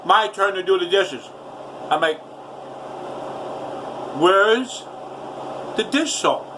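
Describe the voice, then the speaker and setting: A man's voice: high-pitched, expressive, slow, far from the mic, background noise. A man telling a rambling, profane story in his home kitchen while cooking. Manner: profane, loud ranting storyteller.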